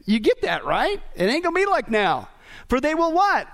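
A man preaching a sermon as pastor, animated and humorous, tossing questions out to the congregation. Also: very high-pitched, normal speed, gravelly. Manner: call-and-response questions to the congregation.

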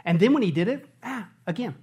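A middle-aged male pastor preaching a sermon, animated and often shouting on his high points. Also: brisk, slightly rough.

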